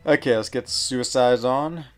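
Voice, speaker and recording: A man's voice: medium pitch, measured pace, soft background music. Rambling male game streamer. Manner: rambling, many fillers and searches for words. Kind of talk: casual live-stream chat.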